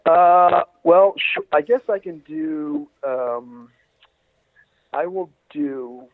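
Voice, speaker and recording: A man's voice: high voice, huge pitch swings, extremely slow, vocal fry, dry recording. A man, a doctor and interview guest, telling rambling stories with lots of "uh" and restarts over the phone. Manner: rambling storyteller with many fillers and restarts. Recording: tinny phone line.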